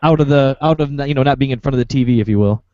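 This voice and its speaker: A man's voice: mid-range voice, rapid-fire, darkish tone, dry recording, dull audio. A man co-hosting a podcast, laughing along and asking follow-up questions. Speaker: podcast co-host. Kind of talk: casual chat.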